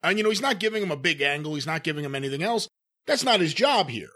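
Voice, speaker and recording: Male podcast co-host, analytical and conversational, a touch high-pitched. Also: expressive, quick pace, bright, forceful tone. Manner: analytical, talks things through. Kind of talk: casual conversation about old wrestling footage.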